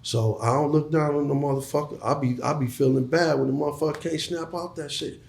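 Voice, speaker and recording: Gravelly and darkish yet on the high side, this middle-aged man's voice stays steady as he talks a little fast. He's a former hustler turned entrepreneur giving a casual interview in a reverberant space, emphatic and profane, often repeating words when he starts a sentence.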